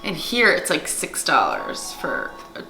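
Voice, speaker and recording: A woman in her thirties chatting casually on camera, lively and giggly. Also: deep voice, a little slow, vocal fry, music in the background.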